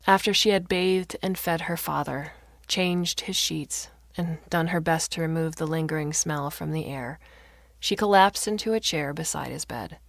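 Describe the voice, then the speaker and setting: A woman narrator reading a short story aloud in a measured way, giving voices to the characters. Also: low voice, creaky, no echo, clean studio sound. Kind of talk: scripted narration.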